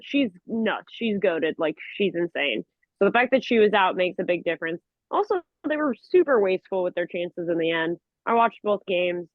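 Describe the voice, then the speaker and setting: A woman co-hosting a sports podcast, offering knowledgeable, measured and enthusiastic analysis over a remote call. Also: fairly low pitch, animated, dry recording. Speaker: podcast co-host. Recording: tinny call audio.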